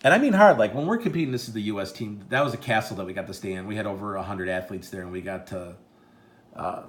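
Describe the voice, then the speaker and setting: A man's voice: lowish voice, quick pace. A middle-aged man with a Midwestern American accent, chatting as a vlog host, rambling and stumbling with emotion. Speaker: channel host and proud dad. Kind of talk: casual chat showing photos.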